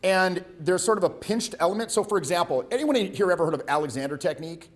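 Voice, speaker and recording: A man teaches a room full of students, casual and profane, pushing his points in a bold, direct way. His voice sits a little higher than most men's. He talks like a coach, not a lecturer. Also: expressive, fast. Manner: blunt, profane, conversational. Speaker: voice and presence coach. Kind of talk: live workshop coaching.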